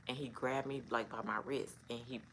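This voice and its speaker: A woman's voice: extremely low pitch, steady tone, a little fast, a bit bright, a little hiss or hum, rough recording. A middle-aged woman telling a personal story to camera in a casual, rambling way, full of "um" and "like". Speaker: vlogger.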